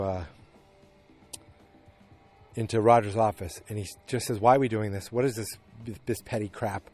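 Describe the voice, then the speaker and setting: Man, low voice, podcast host, casual rambling recap, animated retelling.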